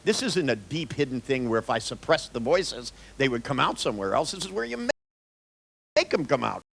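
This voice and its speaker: A male workshop presenter telling stories to a room of listeners, his pitch swinging widely as he acts out the conversations. He sits at a middling pitch and quotes others freely in a lively, conversational lecture. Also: a little fast, creaky, breathy edge. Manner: animated storyteller, quoting others in dialogue. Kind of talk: storytelling lecture to an audience.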